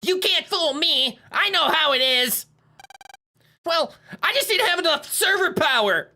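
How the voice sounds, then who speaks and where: A woman's voice: extremely high pitch, expressive, a little slow, bright, forceful tone, pitched above the performer's own voice, full character voice. A woman voicing a whiny, edgy punk boy villain from a game while reading its dialogue aloud.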